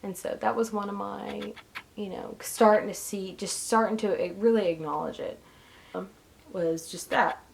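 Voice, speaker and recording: A young woman vlogging casually, rambling and self-deprecating, often jumping into a high squeaky voice for jokes. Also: steady tone, moderate pace, gravelly, slight background noise. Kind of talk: casual vlog monologue.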